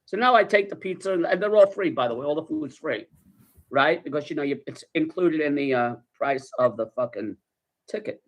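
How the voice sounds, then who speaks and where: A man with a New York accent telling a long, rambling story in a relaxed ASMR style, casually swearing and often checking in with "right?". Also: fairly high pitch, brisk. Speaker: storyteller in a played video.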